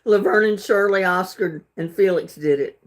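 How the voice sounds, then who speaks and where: A woman's voice: mid-range voice, normal speed. A woman hosting a casual trivia livestream, reading questions aloud and chatting with viewers, laughing often and stumbling over words. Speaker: livestream host.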